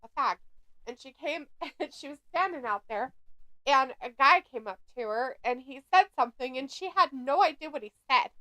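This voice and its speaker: A woman's voice: sits high, normal speed. An American woman co-hosting a casual livestream chat, telling stories with lots of swearing and frequent laughter. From United States. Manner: profane, laughs often, animated storytelling. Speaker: co-host of a wrestling watch-along stream.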